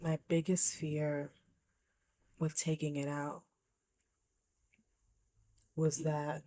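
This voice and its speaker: Low, breathy woman telling a personal story. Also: flat delivery, drawn-out words, dark tone. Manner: candid, reflective, often dropping to a near whisper. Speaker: vlogger.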